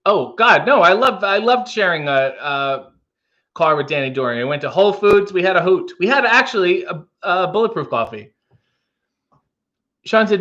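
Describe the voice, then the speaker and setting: A man hosting a casual livestream, reading viewer comments aloud with wry, deadpan asides. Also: on the high side, a little slow, highs cut off. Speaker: livestream host.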